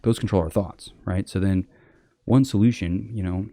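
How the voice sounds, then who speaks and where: A man rambles through a blunt, casual monologue in a low, mellow voice, full of fillers and the odd curse. He jumps into high, sarcastic voices to mock other people. The sound is dry and close. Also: normal speed, no room sound. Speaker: podcast host.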